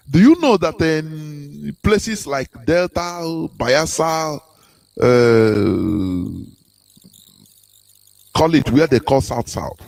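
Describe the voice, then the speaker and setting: A man with a somewhat high voice lectures fervently on a radio broadcast. He piles up rhetorical questions, repeats his words, and lets his pitch swing up in a sing-song way. The talk is impassioned and insistent. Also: a little mellow, poor audio.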